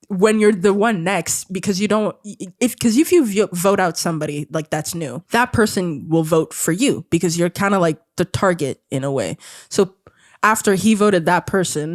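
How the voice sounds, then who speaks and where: A woman's voice: fairly low pitch, normal speed, dry recording, studio quality. A woman co-hosting a podcast, telling a story in casual chat with lots of laughter. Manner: giggly, animated storytelling with frequent laughter. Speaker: podcast co-host recounting a show.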